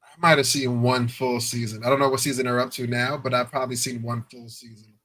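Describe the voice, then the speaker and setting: A man's voice: mid-range voice, little pitch movement, fairly quick, sharp tone, low-quality recording. A man co-hosting a podcast, talking in a laid-back, slangy way and laughing often. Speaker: podcast co-host. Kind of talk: casual chat.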